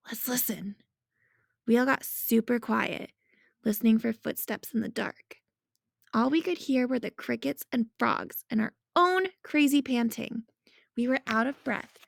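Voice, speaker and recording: A woman reading a novel aloud in a lively storytelling manner. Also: fairly high pitch, creaky, no room sound, clean studio sound. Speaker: reader.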